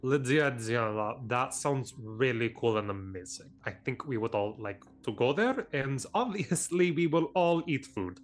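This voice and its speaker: A man playing a tabletop game, speaking deadpan and deliberate in character. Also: medium pitch. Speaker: player.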